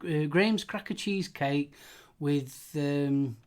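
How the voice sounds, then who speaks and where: A man's voice: a little high, slow, a little mellow, clean tone. A man in a casual live stream chat, playful and jokey, sometimes trailing off to find words.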